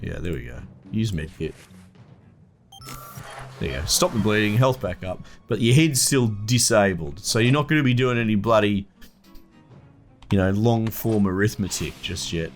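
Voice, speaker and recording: Speaking at normal speed with long pauses and lively intonation, a young Australian man in a lowish voice provides casual commentary on a strategy game he's playing. He swears freely, talks bluntly and chattily to the screen, and mutters to the game, with faint music behind him.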